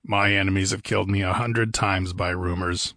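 Conan, a gruff grim barbarian voiced by a man. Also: low voice, steady tone, normal speed, bright, forceful tone, no echo, studio quality. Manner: gruff, impatient, mocking. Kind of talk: audiobook character voice.

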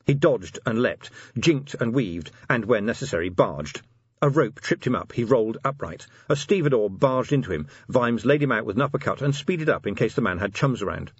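A man's voice: medium pitch, animated, moderate pace, slightly rough, no echo, highs cut off. A man narrating an audiobook expressively, giving each character a voice.

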